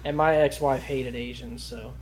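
A man's voice: mid-range voice, fairly even intonation, moderate pace. A man on a podcast telling a rambling, profane story and laughing along as he goes. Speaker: podcast co-host. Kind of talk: casual podcast chat.

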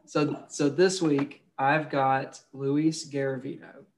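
A man's voice: medium pitch, little pitch movement, slow pace, slight background noise. A young man co-hosting a casual podcast, crude and joking, swearing freely. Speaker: podcast co-host.

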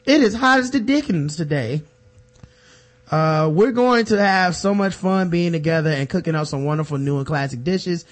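A man's voice: a little high, moderate pace, natural voice. A man putting on a drawling, mock-genteel Southern US accent to play a celebrity woman cook.

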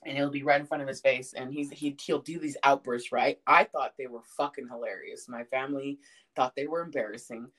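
A young woman co-hosting a podcast, telling family stories in a casual, profane, animated way, often laughing and breaking into loud outbursts. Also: very deep voice, a little fast. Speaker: podcast co-host. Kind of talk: casual chat.

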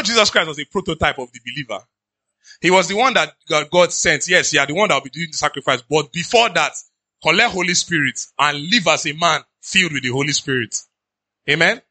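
Man, Nigerian accent, pastor preaching, bouncy lively pitch, dry close sound. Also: brisk, no room sound. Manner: animated conversational preaching with pidgin asides. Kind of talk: sermon.

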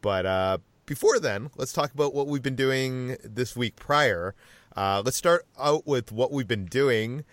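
A man hosting a casual podcast, relaxed and rambling with fillers. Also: mid-range voice, measured pace, no room sound. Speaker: podcast host, editor-in-chief. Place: Los Angeles.

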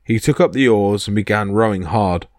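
A man's voice: on the low side, moderate pace, no room sound, studio quality. A man narrating myths as a podcast storyteller, reading expressively. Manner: expressive reading that voices each character.

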